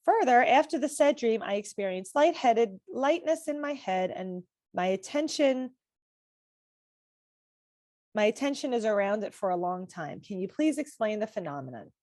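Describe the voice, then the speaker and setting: Woman co-host, fairly high, very animated delivery, dry close sound, casual and chatty. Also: normal speed, no room sound. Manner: chatty, greets viewers, laughs often. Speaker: podcast co-host and anxiety coach. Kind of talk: casual live-stream chat.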